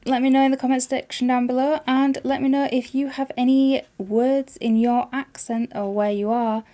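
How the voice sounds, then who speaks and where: A woman with a Yorkshire accent reads a short fairytale and then chats straight to her viewers. Her voice sits somewhat high, with a mellow, soft-edged tone. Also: flat delivery, moderate pace. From Yorkshire, northern England. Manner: chatty, addresses viewers directly. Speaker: storyteller and channel host. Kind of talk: reading a fairytale and chatting to viewers.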